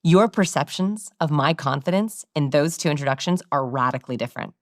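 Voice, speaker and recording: A woman with a low voice for her sex explains communication research in an interview, lively and quick to demonstrate. The recording is close and dry. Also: dry recording. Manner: animated, demonstrating vocal examples.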